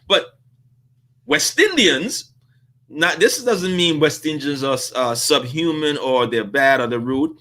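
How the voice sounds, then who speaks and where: Bright-voiced animated male host. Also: a little high, takes it slowly. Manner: animated storyteller, often laughing. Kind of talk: casual commentary.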